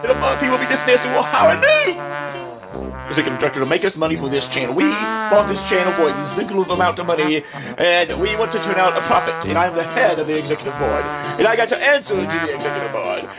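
A man's voice: high-pitched, big pitch swings, quick pace, loud music behind the voice. A man doing a pompous corporate board chief.

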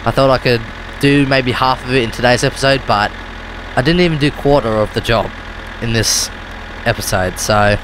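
An Australian man talks through a game in a casual, rambling way, often breaking off to correct himself. His voice sits at an ordinary middle pitch. A clearly audible car engine hum runs under everything he says. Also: moderate pace. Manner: rambling, loose and self-correcting. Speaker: gaming video host. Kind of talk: casual gameplay commentary. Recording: car engine noise behind.

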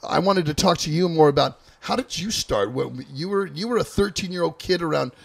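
Middle-aged male host, interview, gravelly voice, eager, stumbling. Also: a little high, brisk. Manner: eager, stumbling over words. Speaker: host, thrash metal musician.

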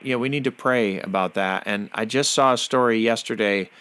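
A man's voice: fairly low pitch, moderate pace, a bit bright, clean tone, no room sound. A man hosting a podcast interview, who talks in a fervent, preachy way and often uses religious phrases. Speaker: podcast host.

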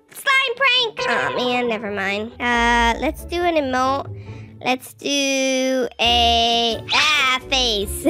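High, bouncy woman gamer, silly baby role-play, music bed underneath. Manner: excitable and silly, whiny baby pleading. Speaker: gaming video creator. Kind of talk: playful gaming commentary, role-playing a baby. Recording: upbeat music playing under the voice. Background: children's game music.

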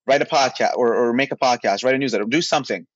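A podcast co-host rants in a casual chat, blunt, exasperated and swearing as he drives his point home at high speed. His pitch is ordinary, and the recording is dry and slightly muffled, lo-fi with no room sound.

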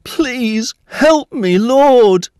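A man's voice: big pitch swings, a little slow, a little mellow, dry recording, studio quality, exaggerated voice. A man doing a desperate pleading mother. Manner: high pleading cry. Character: desperate Canaanite mother, adult woman, begging.

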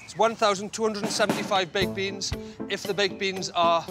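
A man's voice: high voice, steady tone, moderate pace. A man on a comedy show, steadily reading out his calculations. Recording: loud music behind.

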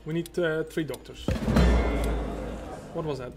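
A man hosting a let's play talks casually over loud game music, rambling and speaking to himself and to the game as he plays. His high-leaning voice stays steady, and his pace is measured.

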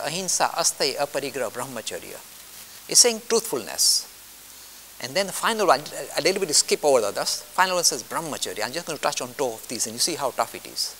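A man's voice: on the high side, bright, forceful tone. An older man giving a spoken lecture, blunt and emphatic, acting out his listeners' objections in mock voices and repeating his key points. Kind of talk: spoken lecture on spiritual discipline. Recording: long hall reverb with faint hiss.

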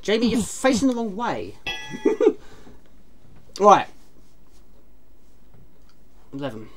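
Lively woman streaming games. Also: mid-range voice, takes it slowly, a little hiss or hum. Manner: chatty, self-mocking, reads chat aloud. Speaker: game streamer. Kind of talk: casual game stream commentary.

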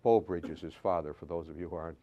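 Low-voiced older man giving a halting lecture. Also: steady tone, warm tone, highs cut off. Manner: halting, frequent uh fillers. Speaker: history professor. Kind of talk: lecture with anecdotes. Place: classroom.

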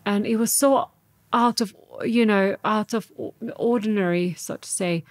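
A woman's voice: mid-range voice, normal speed, no room sound. A woman from Serbia, a podcast guest telling her own story in an earnest, reflective way. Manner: earnest, reflective, re-enacts her past self's words. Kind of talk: personal storytelling in an interview.

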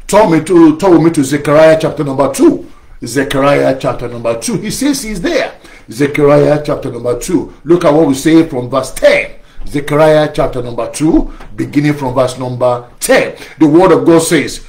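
A man preaching a sermon as pastor, stretching key phrases slowly and rising to emphatic shouts as he prays. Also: on the high side, vocal fry.

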